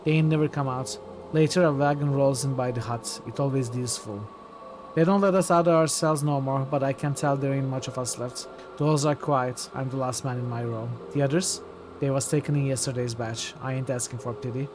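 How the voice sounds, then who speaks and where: A man reading a hardened convict's prison note aloud in rough, ungrammatical speech. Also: mid-range voice, steady tone, brisk, noisy background, lightly acted. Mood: grim, weary. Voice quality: rough, slangy speech with dropped grammar.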